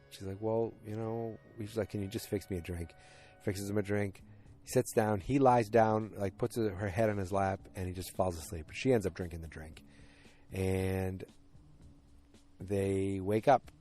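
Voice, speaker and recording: A man with a low, slightly mellow voice hosts a podcast, casually recapping a TV episode. He rambles, corrects himself often, and uses many fillers.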